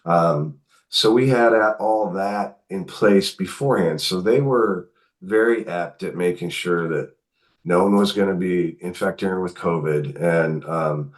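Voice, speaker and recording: A middle-aged man with a low, deep voice tells a family story as a guest in an interview. He talks animatedly and jumps into other people's voices when he quotes them. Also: unhurried. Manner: animated, acts out quotes in his telling. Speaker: guest author. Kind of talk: conversational storytelling.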